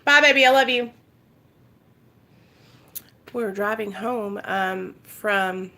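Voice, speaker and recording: A woman from Arkansas addresses her viewers directly while telling an emotional story on her recovery vlog. Her voice sits at medium pitch and sounds bright and forceful.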